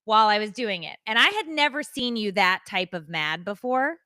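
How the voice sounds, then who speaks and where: Woman, casual storytelling, animated, bright and crisp voice. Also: medium pitch, normal speed. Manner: animated, self-mocking, acts out quotes. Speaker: podcast co-host.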